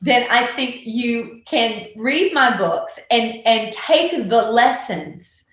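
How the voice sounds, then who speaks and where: A woman, a guest telling stories in a casual interview, animated and full of ums. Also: on the high side, slow, very echoey. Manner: animated storyteller with many ums. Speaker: guest, author and actor.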